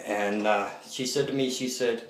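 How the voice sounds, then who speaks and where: Low-voiced man rambling in an echoey room. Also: steady tone, moderate pace, a little hiss or hum. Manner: repetitive, profane storytelling, keeps saying "I said". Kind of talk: rambling monologue vlog. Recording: roomy echo.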